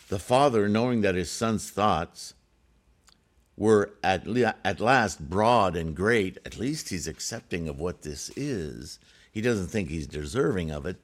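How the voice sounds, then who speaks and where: A man reading a Buddhist scripture aloud and breaking off into casual spoken commentary with frequent "right?" asides. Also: fairly low pitch.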